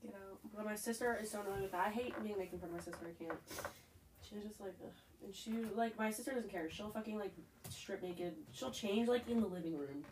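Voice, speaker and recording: A woman's voice: mid-range voice, brisk, darkish tone. A young woman guest on a podcast, talking bluntly and swearing freely. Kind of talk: casual chat. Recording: roomy, distant from mic, faint noise.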